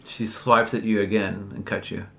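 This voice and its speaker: Low-pitched woman running a silly tabletop game for kids, playful. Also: level tone, normal speed, gravelly, a crowd in the background. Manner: playful, storyteller pacing. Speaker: game master. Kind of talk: narrating a family tabletop game.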